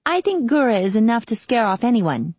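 A woman's voice: a little high, big pitch swings, brisk, a little mellow, husky, no echo, pitched above the performer's own voice. A woman voicing an eager, impatient young girl in an audiobook.

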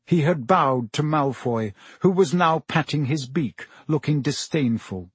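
Husky man reading an audiobook. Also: a little high, unhurried, no echo. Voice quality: expressive storytelling delivery. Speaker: audiobook narrator.

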